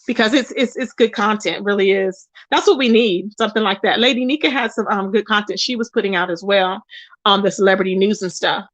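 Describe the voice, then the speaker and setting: A woman's voice: mid-range voice, brisk, a bit bright, dry recording. A woman hosting a casual livestream, reading chat comments and gossiping straight to her viewers. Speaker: channel host.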